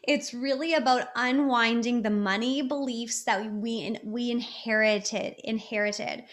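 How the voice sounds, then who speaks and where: A woman's voice: on the high side, steady tone, a little slow. A woman hosting a podcast, giving upbeat motivational advice in a chatty way, with many fillers and restarts. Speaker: podcast host. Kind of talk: casual motivational talk.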